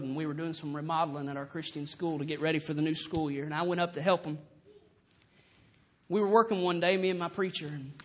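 High-voiced fervent preacher man. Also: fairly bright tone. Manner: fervent, plainspoken preaching with folksy grammar. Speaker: traveling evangelist. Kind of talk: sermon.

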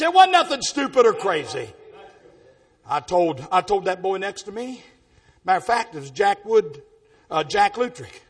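A preacher with a strikingly high, husky voice tells stories from the pulpit. He swings between folksy asides and exuberant shouted bursts, his pitch leaping all over. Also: very animated, moderate pace. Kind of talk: storytelling sermon testimony.

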